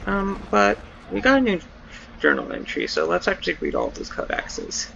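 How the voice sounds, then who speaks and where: A man's voice: high voice, wildly swooping pitch, normal speed, gravelly, bright, forceful tone, dull audio, slight background noise. A sleep-deprived man commenting on a game he plays and reading its text aloud, rambling and correcting himself as he goes. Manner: rambling, self-correcting asides. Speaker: let's play gamer.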